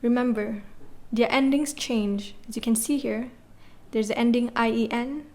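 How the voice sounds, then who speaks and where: Patient woman teaching French, slightly high voice. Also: fairly even intonation, moderate pace, a little mellow. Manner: patient, spells words letter by letter, checks with "okay?" and "right?". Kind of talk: classroom lesson explaining grammar.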